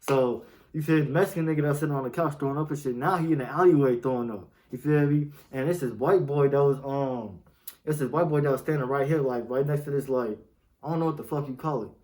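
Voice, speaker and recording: A man's voice: medium pitch, fast, darkish tone, low-quality recording. A young man, telling a story in casual, slang-heavy talk and often asking "you feel me.". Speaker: storytime vlogger.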